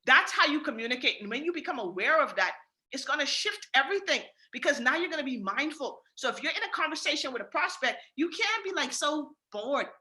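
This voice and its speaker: A woman's voice: high voice, sing-song, quick pace, pushed and bright. A woman with a Bahamian accent leading a sales team training call, emphatic and repetitive, talking straight to her listeners.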